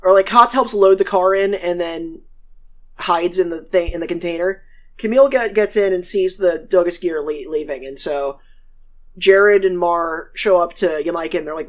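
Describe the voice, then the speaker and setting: A woman co-hosting a podcast talks at a moderate pace in a lowish voice. Her episode recaps are casual, rambling and full of swearing, and she acts out the characters she quotes.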